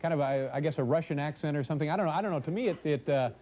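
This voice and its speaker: A man hosting a late-night talk show, speaking in a dry, halting way with lots of uh and restarts. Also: on the high side, warm tone.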